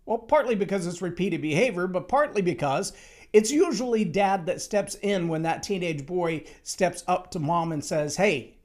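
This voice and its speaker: Emphatic man with a high voice. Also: expressive, normal speed. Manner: emphatic, storytelling, acts out quotes. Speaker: speaker on leadership. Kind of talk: motivational talk.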